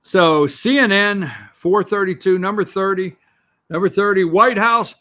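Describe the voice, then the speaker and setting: High-pitched guy hosting a politics opinion show, sarcastic ranting, talks from his office. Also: unhurried, pushed and bright. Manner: ranting, sarcastic, repeats himself. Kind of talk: opinionated news commentary.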